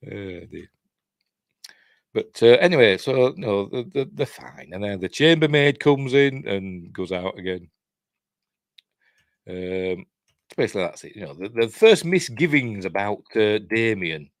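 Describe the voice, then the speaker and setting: Low-voiced Yorkshire man chatting about a film. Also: animated, unhurried, pauses often, dry recording. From Yorkshire, England. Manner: rambling, chatty, lots of fillers and chuckles. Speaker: film reviewer. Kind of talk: casual film breakdown.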